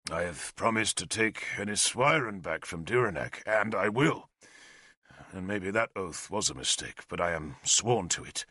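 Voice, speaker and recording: An oath-bound middle-aged warrior king, grave and brooding, voiced by a man reading the book aloud. He speaks low and dark, with weary weight under every line. The sound is close and dry. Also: expressive, moderate pace, no echo, full character voice. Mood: bleak. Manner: grave and brooding, breaking into weeping and rage.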